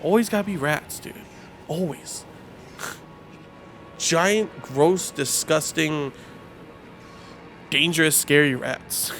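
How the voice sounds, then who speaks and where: A man giving casual live commentary while streaming a game, talking to his chat in an excitable, rambling, slangy way. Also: on the high side, slow, pauses often. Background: game music.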